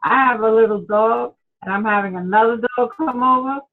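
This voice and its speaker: A woman's voice: on the high side, brisk. A woman student on a video call asking a hesitant, polite question. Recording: tinny phone-like call audio.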